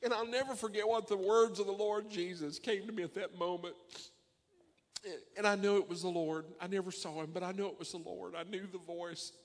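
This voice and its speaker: A preacher delivers a fervent testimony in a high, strained voice. His words build toward near-shouting, and they echo through a long-reverb sanctuary. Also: steady tone, a little fast. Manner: impassioned, rising to near-shouting. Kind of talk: sermon testimony.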